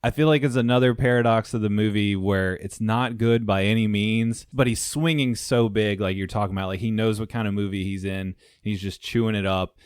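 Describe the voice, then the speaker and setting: A man's voice: lowish voice, steady tone, brisk, hardly any pauses, clear, resonant tone, no echo, studio quality. A man co-hosting a podcast, chatting casually about a movie in a laid-back, rambling way and laughing often. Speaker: podcast co-host. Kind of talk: casual movie review chat.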